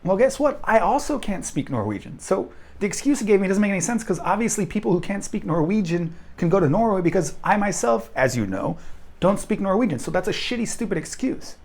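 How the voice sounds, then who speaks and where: A man's voice: high-pitched, big pitch swings, a little fast, a little mellow. A young man vlogging straight to camera, blunt and self-deprecating in a casual rant. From United States.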